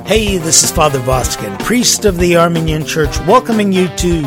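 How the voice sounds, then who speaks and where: A man's voice: a little high, expressive, moderate pace, music in the background. A man who is a priest, hosting his own spiritual podcast in a playful, tongue-in-cheek, conversational way.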